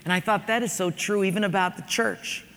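A male pastor preaching in a high, bright, ringing voice, easy and conversational, weaving in stories. He is in a church sanctuary, and a long reverb trails his words around the hall. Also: steady tone, fairly quick, gravelly, slight background noise. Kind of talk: sermon.

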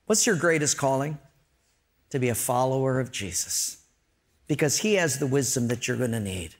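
A man's voice: fairly high pitch, expressive, normal speed, creaky, pauses often. A man pastor preaching a sermon, storytelling with jokes and earnest emphasis.

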